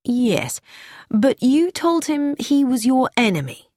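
A woman reading an audiobook, voicing a kindly male police inspector who asks calm, probing questions. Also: high voice, takes it slowly, no echo, studio quality, voice pushed up, heavily acted.

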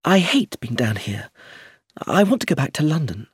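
A man voicing a nervous young woman, raising his pitch and talking quickly in a husky voice. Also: very animated, dry recording, clean studio sound, exaggerated voice. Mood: anxious.

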